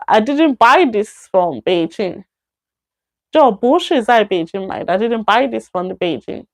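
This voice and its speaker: A woman with a Nigerian accent teaching a live-streamed Chinese grammar lesson, patiently explaining and repeating example sentences slowly, sometimes acting out short dialogues. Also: fairly high pitch.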